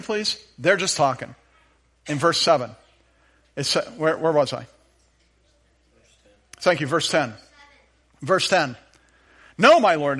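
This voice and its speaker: Male pastor, fairly high voice, animated storytelling sermon. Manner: lively storytelling, acts out Bible dialogue.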